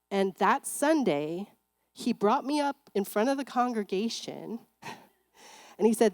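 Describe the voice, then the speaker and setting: A woman's voice: medium pitch, animated, unhurried, no echo. A woman, a clinical psychologist, speaking at a church seminar and telling a personal story in a conversational way with frequent filler words.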